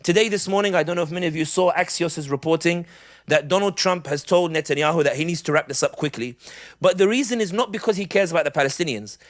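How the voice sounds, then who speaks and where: A middle-aged man gives a live public speech as an animated storyteller with comic asides. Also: on the high side, fast. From United Kingdom. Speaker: public speaker.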